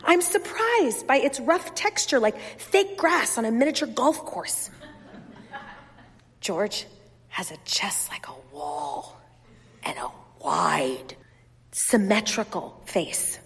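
A woman reading first-person literary fiction aloud in a measured, wistful, softly expressive way. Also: a little high, gravelly, breathy edge, long reverb tail. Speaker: reader.

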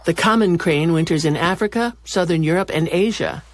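A woman hosting a radio nature segment, reading a scripted narration in a calm, measured way. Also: on the low side, background noise. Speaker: radio program host.

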